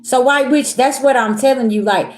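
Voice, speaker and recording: A woman's voice: high voice, moderate pace. Blunt woman telling a story, roomy echo. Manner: animated, emphatic, blunt and profane. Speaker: spiritual reader vlogger. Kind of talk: casual storytime to viewers.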